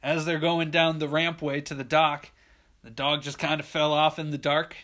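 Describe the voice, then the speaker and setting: A man's voice: a little high, little pitch movement, moderate pace, a bit bright. A man casually telling a rambling, profane story and laughing often. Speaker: podcast host telling a story.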